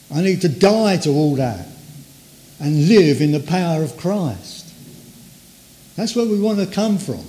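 An older man preaching a sermon in a conversational way, acting out inner voices and trailing off softly. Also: on the high side, animated, a little slow.

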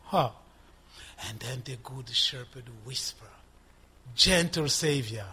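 Older male preacher, sixties, husky, slightly high voice, emphatic and repetitive. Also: big pitch swings, measured pace, a bit bright. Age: 60s. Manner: emphatic, rising and dropping in volume, repeating for stress. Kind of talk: sermon.

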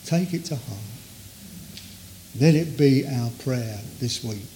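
An older man preaching a sermon in a conversational way, acting out inner voices and trailing off softly. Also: medium pitch, lively intonation, slow, a little hiss or hum.

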